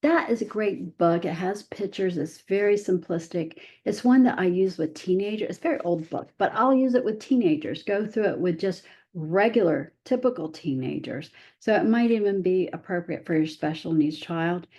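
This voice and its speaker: Woman, middle-aged, mellow and warm tone, chatty presenter, asks "right?" a lot. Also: fairly low pitch, moderate pace, few pauses. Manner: chatty, frequent "right?" asides, self-deprecating humor. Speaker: presenter and parent of a child with special needs. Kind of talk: presentation to parents.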